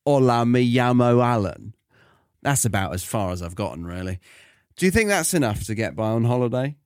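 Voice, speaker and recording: Self-important middle-aged British presenter, a man's impression, lively pitch, dry close sound. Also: normal speed, smooth, no room sound, lightly acted. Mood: pompous. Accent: British English. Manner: self-important, puffed-up delivery. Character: pompous middle-aged male radio presenter, awkward. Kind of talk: comedy impression reading a script.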